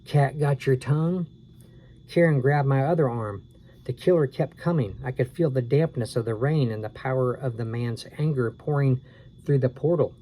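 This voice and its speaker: A man reads a spooky storybook aloud in a steady, unhurried way. His voice is mellow and dark at a middling pitch. A faint hum of noise sits behind him. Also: poor audio.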